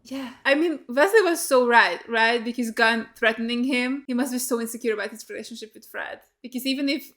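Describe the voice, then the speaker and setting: A young woman reacting to a TV episode in an excitable, gushing, expressive way. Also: fairly high pitch, fairly quick. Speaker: reaction video host. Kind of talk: casual reaction commentary.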